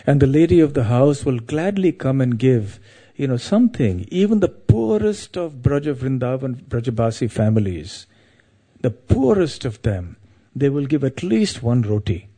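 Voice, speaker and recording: A man's voice: medium pitch, sing-song, normal speed, mellow, slightly rough. A man giving a devotional talk, telling a story in a meandering, anecdotal way with frequent asides.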